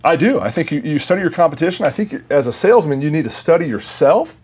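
A man speaking as a sales guest on a business talk show, emphatic and energetic when he explains his sales rules. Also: fairly high pitch, quick pace, slightly rough. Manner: energetic, emphatic, self-coaching.

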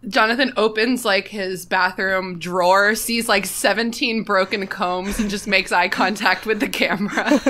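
Young woman podcast co-host; bright, animated chatter, salty language. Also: medium pitch, measured pace, slight background noise. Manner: animated, laughing, swears freely. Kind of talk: casual podcast chat.

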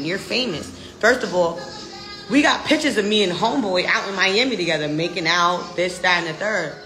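A woman's voice: mid-range voice, pushed and bright, roomy sound. An American woman ranting defiantly in a casual live video, brash and profane. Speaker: social media personality.

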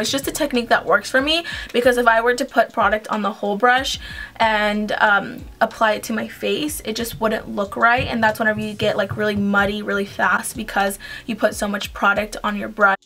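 A woman's voice: mid-range voice, fairly even intonation, moderate pace, fairly bright tone, soft background music. A young woman chatting casually at home through a makeup tutorial, rambling with frequent "like" and "um". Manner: chatty, rambling, uses "like" and "um" often. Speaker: beauty vlogger.

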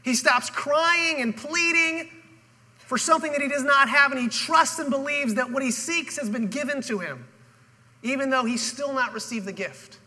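Man, pastor, dramatic sermon, acts out the story, sharp bright tone, long church reverb. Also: very high-pitched, normal speed. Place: church auditorium.

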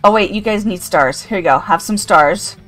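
A woman's voice: mid-range voice, moderate pace, a bit bright, soft background music. An older woman streaming a game, chatting casually, reading out chat and laughing often. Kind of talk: casual live-stream chat while gaming.

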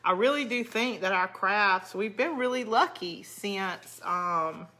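Chatty Southern woman with a bright voice. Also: medium pitch, expressive, takes it slowly. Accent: South Georgia Southern US. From Georgia, US. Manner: chatty, reads out and answers viewer comments. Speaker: craft channel host. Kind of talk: casual live craft chat.

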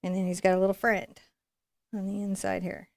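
A woman's voice: medium pitch, monotone, a little fast, gravelly, no echo. A woman giving a live painting tutorial, chatting and encouraging as she works and thinking aloud. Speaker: painting instructor.

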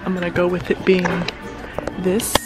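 A young woman vlogging casually with excitable, bubbly energy, sometimes dropping to a whisper in public, recorded on a handheld camera. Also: fairly low pitch, moderate pace. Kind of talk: casual vlog chat. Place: at home, then a craft store. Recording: pop music clearly audible behind.

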